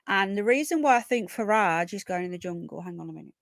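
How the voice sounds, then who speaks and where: A woman's voice: medium pitch, expressive, fast, no room sound. A woman with a sore throat talks straight to her live viewers in a casual, rambling way, full of opinions and restarts. Her voice sits mid-height and sounds close and dry, with no room around it. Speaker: livestream host. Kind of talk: casual live chat reading viewer comments.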